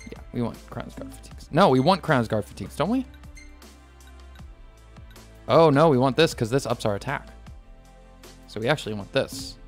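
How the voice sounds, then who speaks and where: Animated joking gamer man. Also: medium pitch, normal speed, long pauses. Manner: animated, jokey, rambling. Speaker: streamer. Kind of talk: let's play commentary. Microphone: desk microphone. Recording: game music behind.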